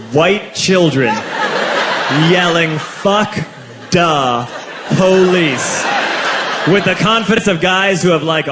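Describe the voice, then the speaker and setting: Animated young man telling a stand-up story. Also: fairly high pitch. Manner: animated, jumps to loud shouted punchlines. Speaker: stand-up comedian. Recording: echoey with loud background noise.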